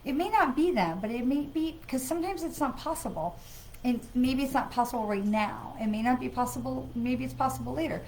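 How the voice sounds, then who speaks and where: A woman's voice: high-pitched, animated, brisk, a little mellow, slight background noise, rough recording. Chatty woman giving a psychic card reading. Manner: conversational, with frequent fillers and sighs; greets viewers by name. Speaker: psychic medium. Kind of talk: live-streamed card reading.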